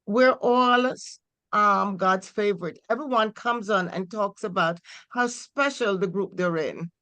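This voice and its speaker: A woman sharing her thoughts with a study group on a video call, upbeat with pauses and fillers. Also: medium pitch, fairly bright tone. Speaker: Bible study group member. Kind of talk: casual sharing.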